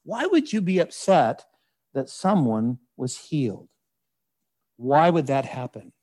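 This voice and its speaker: A man's voice: a little high, very animated, a little mellow. A man preaching a sermon in a conversational, folksy way, with frequent asides and scripture read aloud. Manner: reads scripture aloud in measured voice. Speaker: pastor.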